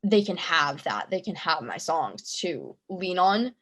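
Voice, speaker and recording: A woman's voice: fairly low pitch, big pitch swings, unhurried, fairly bright tone. A young adult woman being interviewed about her music, talking casually with lots of fillers and laughing through her stories. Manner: chatty, laughing storyteller with many fillers. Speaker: musician guest.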